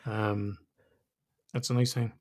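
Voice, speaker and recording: A man's voice: on the low side, level tone, slow pace, darkish tone. A middle-aged man, hosting a podcast in casual chat, candid and reflective, swearing freely. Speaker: podcast host.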